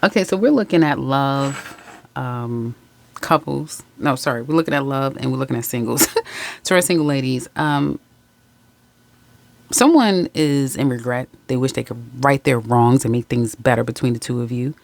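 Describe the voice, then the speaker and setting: A tarot reader with a medium-pitched voice and vocal fry, talking at normal speed, gives viewers a casual general reading. Chatty and candid, they laugh often, correct their own slips, and call listeners guys, ladies, and baby.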